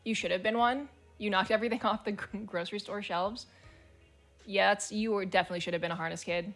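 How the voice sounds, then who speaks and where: A woman's voice: medium pitch, fairly even intonation, fast talker, fairly bright tone, faint music behind. A woman streamer chatting casually and reading forum posts aloud, blunt, swearing freely and laughing as she talks.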